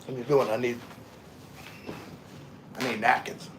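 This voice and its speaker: A man in casual livestream chat, easygoing and rambling, talking between bites of food. His pitch sits in an ordinary middle range, and a faint hiss runs under his voice. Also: flat delivery, a little slow. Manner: laid-back, rambling, talks with mouth full; folksy, calls himself country. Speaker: vlogger hosting a live stream.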